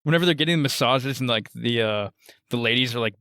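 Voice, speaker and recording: A man's voice: medium pitch, quick pace, bright, forceful tone, clear, resonant tone, no echo, clean studio sound. A man co-hosting a casual movie review podcast, rambling with many "like"s and giggling as he retells scenes. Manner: rambling, heavy use of "like", giggly. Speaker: podcast co-host.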